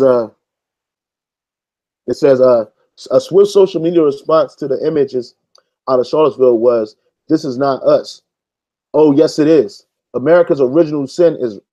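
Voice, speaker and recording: Man, informal preacher, mellow tone, casual street talk, reads and rebuts text. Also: medium pitch, dull audio. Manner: stops to reread passages and argue back. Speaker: religious commentator. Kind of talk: informal preaching while reading an article aloud.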